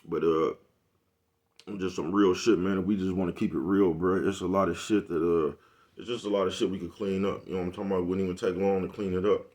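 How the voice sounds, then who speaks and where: Speaking to his viewers, a male vlogger gives a casual, profane monologue, constantly checking in with "you know what I'm talking about." His low, darkish voice moves a little fast with fairly even intonation, and his style is laid-back street talk.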